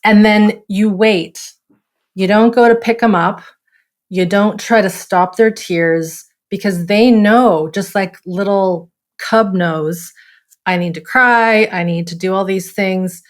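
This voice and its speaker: A woman's voice: medium pitch, fairly even intonation, slow. A woman speaking as a guest expert in a podcast interview, explaining through step-by-step examples and acting out quoted voices with gasps. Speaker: guest nervous system expert.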